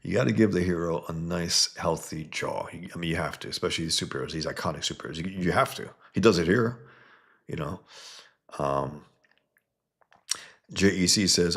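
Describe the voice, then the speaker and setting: A man's voice: low-pitched, normal speed, creaky, a bit bright. A man reviewing a comic book in casual, rambling commentary, talking to his viewers. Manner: rambling, conversational, many restarts.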